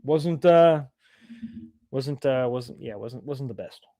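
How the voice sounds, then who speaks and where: A man's voice: mid-range voice, slow pace, dark tone, no room sound, studio quality. A middle-aged man from East Texas, rambling casually as he reads viewer comments on a live stream, with self-deprecating asides. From East Texas, USA. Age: 40s or 50s.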